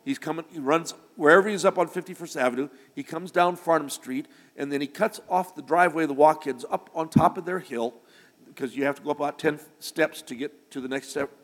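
An older man, a pastor, preaching a sermon through a long personal story, now and then breaking into loud shouts. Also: a little high, a little fast. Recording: long hall reverb.

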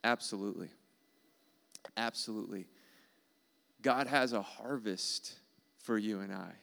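Low gravelly man preaching a sermon. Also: measured pace, a bit bright. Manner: earnest, emphatic preaching with repetitions. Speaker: pastor.

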